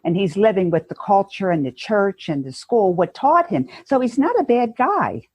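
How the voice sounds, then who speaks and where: A woman guest speaking earnestly in a conversational interview, telling stories and acting out inner voices, with a husky voice. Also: mid-range voice, very animated, moderate pace, dry recording. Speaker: guest educator.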